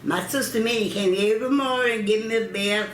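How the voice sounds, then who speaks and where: A woman's voice: a little high, a little fast, echoey room, a little hiss or hum. An older woman from North Carolina, recalling childbirth stories, acting out quoted voices and laughing often. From North Carolina, United States. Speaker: interviewee telling family history.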